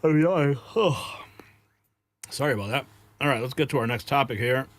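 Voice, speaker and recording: A man's voice: medium pitch, fast, fairly bright tone, no echo. A man hosting an online news show, delivering scripted commentary in short, punchy, dramatic sentences and reading viewer comments aloud.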